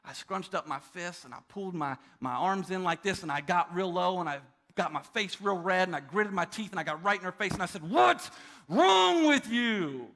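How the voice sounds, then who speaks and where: Man, pastor, sermon, earnest storytelling, high pitch, bright tone. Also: fairly quick, hardly any pauses. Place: church auditorium.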